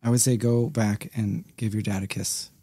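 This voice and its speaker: A man's voice: on the low side, little pitch movement, warm tone, slightly rough, no echo, studio quality. A man in his thirties, a guest on a podcast, talking in an easygoing way and laughing often. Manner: easygoing, laughs often, quick bursts of talk. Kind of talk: casual interview chat.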